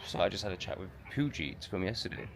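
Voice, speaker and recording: A man with an English accent vlogging casually to a handheld camera, swearing and ranting, swinging between loud bursts and low mutters. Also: lively intonation, quick pace, slight background noise. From England. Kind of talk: casual vlog monologue. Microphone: handheld camera on a gimbal.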